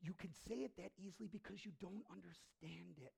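This pastor's sermon is a dramatic telling of a story, full of loud, emphatic outbursts broken by hushed passages. He is a man with a high-pitched, creaky, husky voice and a brisk delivery.

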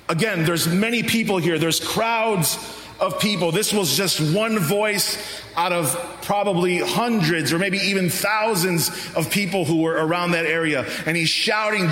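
Male pastor, fairly high, forceful voice; emphatic sermon delivery with rhetorical questions. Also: animated, unhurried, slight background noise. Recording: roomy hall reverb, faint ambience.

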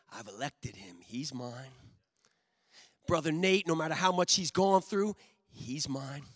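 A man preaching a sermon to his congregation, swinging from booming emphasis to hushed intimacy. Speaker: pastor. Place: church sanctuary. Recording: long hall reverb.

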